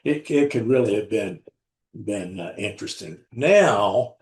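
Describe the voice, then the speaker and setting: Man, trading room host, live market commentary, slow, repeats words, blunt, echoey room. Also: lowish voice, lively intonation, a little mellow. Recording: roomy echo.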